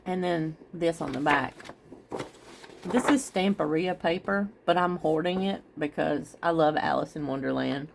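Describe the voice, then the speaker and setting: A woman's voice: low voice, a little slow, vocal fry, slight background noise. Chatty woman crafting on camera. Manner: rambling, chatty, talks straight to viewers. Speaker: craft vlogger. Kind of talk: casual crafting chat.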